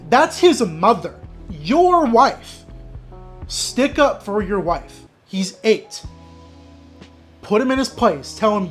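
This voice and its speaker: A man's voice: sits high, big pitch swings, slow pace, faint music behind. A man hosting an advice channel, reading an online story aloud and reacting with blunt, exasperated commentary. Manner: exasperated, blunt, breaks into frustrated rants.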